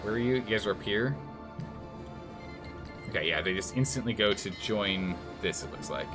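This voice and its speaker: Lively low-voiced male game streamer. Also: normal speed, music in the background. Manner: thinks aloud, exclaims and scolds the game's nations. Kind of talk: live gameplay commentary.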